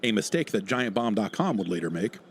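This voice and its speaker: Low-voiced swearing man on a podcast. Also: very animated, fairly quick, a little hiss or hum. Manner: rambling and profane, breaks into loud mock quotes. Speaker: podcast host recalling work in online game media. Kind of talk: casual chat with gameplay.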